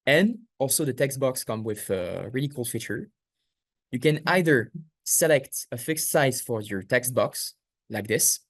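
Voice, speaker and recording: A man's voice: mid-range voice, dry recording, clean studio sound. A man with a French accent leading a live online workshop, explaining each step and answering chat questions. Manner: explains step by step, reads out chat questions, small slips and self-corrections. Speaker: workshop instructor. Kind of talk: live online software tutorial.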